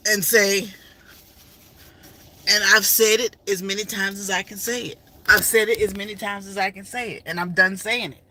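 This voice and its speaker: A middle-aged woman recounts her story in an emotional, faith-filled way, circling back and repeating lines for emphasis. Her voice is strikingly bright and cutting. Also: medium pitch, steady tone, moderate pace. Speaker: vlogger. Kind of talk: personal storytelling.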